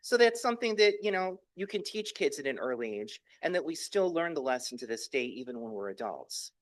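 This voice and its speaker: Man, speech-club storyteller, bright-ish pitch, very expressive. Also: fairly quick. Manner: animated, dramatic delivery with voiced quotes. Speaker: club speaker telling a personal story.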